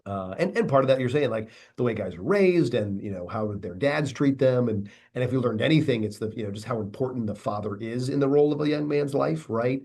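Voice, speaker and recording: Measured husky-voiced male guest. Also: mid-range voice, expressive, a little mellow. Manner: measured, reflective, tags sentences with "right?". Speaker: academy leader, podcast guest. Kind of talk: interview conversation.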